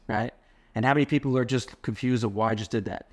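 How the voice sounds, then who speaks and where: A man co-hosting a podcast in casual chat, telling lively stories and acting out what people said to him. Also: mid-range voice, quick pace. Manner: storytelling, quotes people in animated voices. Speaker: podcast co-host.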